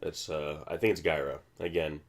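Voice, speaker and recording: Male commentary host with a deep, low voice, casual and rambling, full of restarts. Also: fairly even intonation, moderate pace. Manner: rambling, many restarts and fillers.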